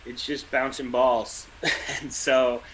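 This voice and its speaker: Chatty guy with a bright voice. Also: mid-range voice, level tone, slow, slight background noise, low-quality recording. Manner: rambling, chatty, dry jokes. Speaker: podcast co-host. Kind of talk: casual chat.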